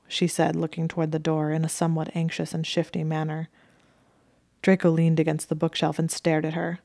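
Female audiobook reader, steady and measured, low pitch, dry studio sound. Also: vocal fry, no room sound. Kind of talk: audiobook narration of fan fiction.

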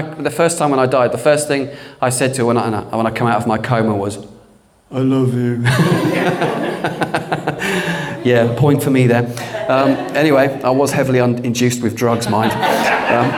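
A man's voice: mid-range voice, background noise. A middle-aged man preaching a fervent sermon, often breaking into hallelujah and amen. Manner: fervent, animated, fond of interjections like hallelujah and amen.

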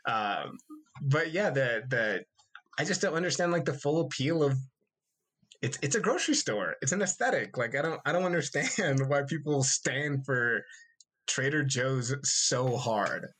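A man's voice: mid-range voice, expressive, unhurried, fairly bright tone. A man co-hosting a podcast in casual chat, self-deprecating and laughing often as he jokes with his co-hosts. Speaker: podcast co-host.

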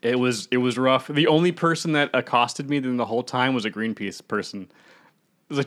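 A man's voice: medium pitch, a bit bright. A young man co-hosting a podcast, telling a wry, self-deprecating story in casual chat. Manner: quick agreeing interjections, wry self-deprecating. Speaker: podcast co-host.

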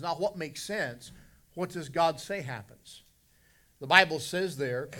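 Bright-voiced joking pastor preaching. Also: male voice, mid-range voice. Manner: folksy, joking preacher who acts out silly voices. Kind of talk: sermon.

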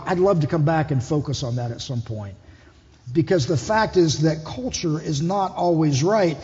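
A man's voice: fairly high pitch, normal speed, darkish tone. A man preaching a conversational sermon as lead pastor, putting questions to the congregation. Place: church hall. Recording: dull echoey hall.

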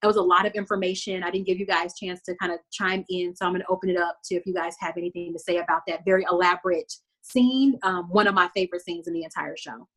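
A woman from Texas hosting a podcast, retelling TV scenes in an animated, casual way full of fillers. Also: on the low side, fast talker, hardly any pauses. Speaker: podcast host recapping a TV show. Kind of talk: casual chat.

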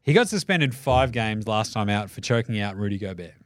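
An Australian man hosting a casual sports podcast, swearing freely and telling animated stories. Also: lowish voice, brisk, dry recording, studio quality. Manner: swearing, laughing, animated storytelling. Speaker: podcast host.

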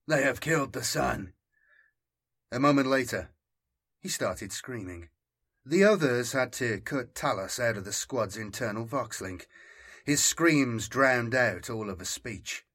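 A man narrating an audiobook in a slow, deliberate scripted reading. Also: mid-range voice, expressive, a bit bright, slightly rough.

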